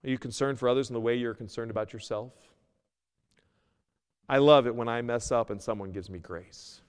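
A man preaching a sermon as pastor, earnest, moving between loud emphasis and a quiet plea. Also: medium pitch, brisk, clear, resonant tone, long reverb tail. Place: church sanctuary.

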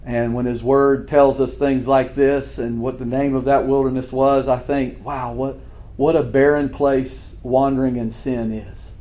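A man's voice: medium pitch, level tone, a little slow, mellow. A man preaching a sermon as pastor, earnest and fervent, often restarting his words.

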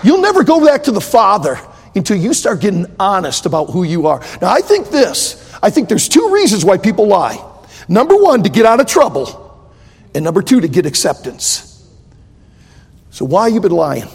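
An older man preaching a sermon, emphatic and repetitive, building to loud outbursts. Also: sits high, huge pitch swings, normal speed, creaky, slightly rough. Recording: echoey hall.

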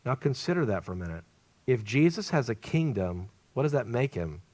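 Dramatic preacher man, loud then hushed. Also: medium pitch, big pitch swings, fairly quick. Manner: dramatic swings from loud emphasis to hushed near-whisper. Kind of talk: evangelistic sermon. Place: church service.

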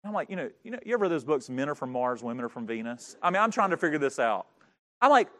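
A pastor telling a funny, self-mocking story during a sermon. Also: male voice, fairly high pitch, sing-song, rapid-fire, bright, forceful tone.

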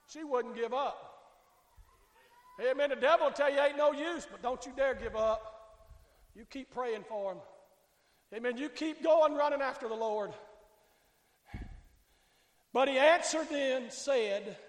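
A male pastor preaching a fiery sermon, swinging between shouting and hushed tones and calling out to the congregation. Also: very high voice, a little slow, pauses often. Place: church sanctuary. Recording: echoey church hall with long reverb.

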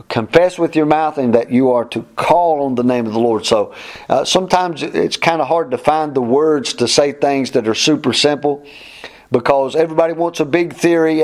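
A man's voice: a little high, a little mellow. A man teaching a verse-by-verse Bible class, plainspoken and emphatic, often repeating his points.

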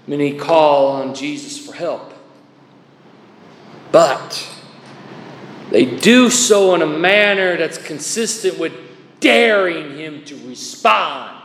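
A man's voice: a little high, animated, slow, long pauses, a bit bright. A man preaching a chapel sermon in a folksy, emphatic way, spelling out words to make his point. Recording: echoey chapel with long reverb.

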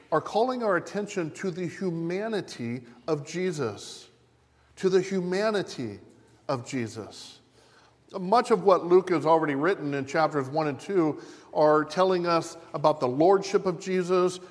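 A pastor giving a measured, deliberate sermon, repeating key phrases for emphasis. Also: male voice, a little high, in a large hall. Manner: measured, deliberate preaching with repetition.

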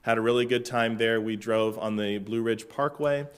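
A middle-aged man from Florida, a pastor telling a relaxed story from the pulpit with dry humor and lots of fillers. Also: on the low side, moderate pace, clean tone. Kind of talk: casual sermon-opening story.

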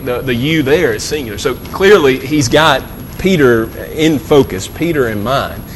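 A man's voice: lively intonation, moderate pace. A man preaching a sermon as pastor, earnest and conversational, often repeating words and using fillers. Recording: long hall reverb, faint rumble.

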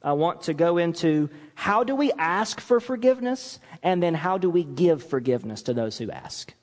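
A man preaching a sermon as pastor, lively and animated, acting out quoted apologies as he teaches. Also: a little high, moderate pace, in a large hall. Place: church sanctuary.

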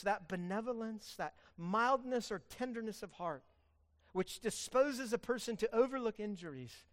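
A man preaching a sermon as pastor, earnest, swinging between loud pleading and hushed emphasis. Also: fairly high pitch.

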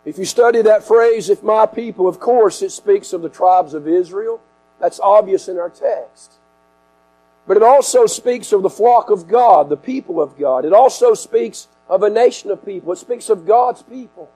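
A man preaching a sermon, swinging from shouts to hushed asides. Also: high-pitched, moderate pace, poor audio. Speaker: pastor. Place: outdoor tent service. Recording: mains hum in background.

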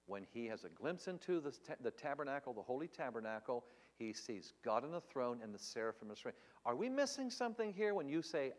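A man's voice: medium pitch, long reverb tail. A man preaching in an earnest, emphatic way, teaching Bible answers on a live stream and asking rhetorical questions.

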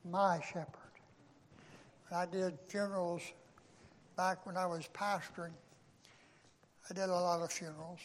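In a large hall with slight background noise, an older man who used to be a pastor preaches a sermon in a high voice. His delivery is slow and halting, full of restarts and rising bursts of emphasis.

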